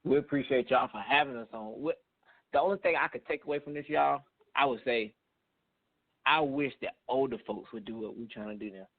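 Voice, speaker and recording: A man's voice: mid-range voice, a little fast, dry recording. Earnest preachy man on a phone line. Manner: earnest, preachy, faith-driven. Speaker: married guest. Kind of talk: casual chat. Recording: dry, tinny phone-line sound.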